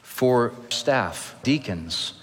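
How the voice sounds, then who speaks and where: A man's voice: medium pitch, animated, slightly rough. Man preaching in a reverberant church. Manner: earnest preaching, slows on key phrases. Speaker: pastor. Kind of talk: sermon. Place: church sanctuary. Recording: long hall reverb.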